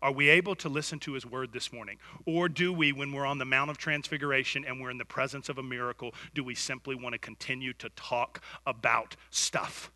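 A man preaching a sermon as pastor, telling stories with lively swings from hushed to loud. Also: mid-range voice, a little fast, hardly any pauses. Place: church sanctuary. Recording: church hall reverb.

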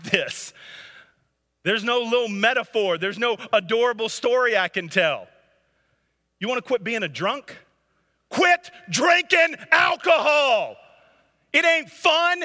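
A middle-aged man preaching a sermon as pastor, building to shouted exhortations. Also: very high-pitched, long reverb tail.

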